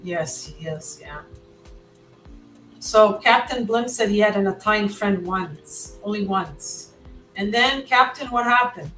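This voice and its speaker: A woman's voice: mid-range voice, expressive, takes it slowly, fairly bright tone, faint music behind, poor audio. A Canadian woman hosting a livestream, chatting casually with a guest and reading viewer comments aloud. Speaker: livestream host. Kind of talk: casual chat.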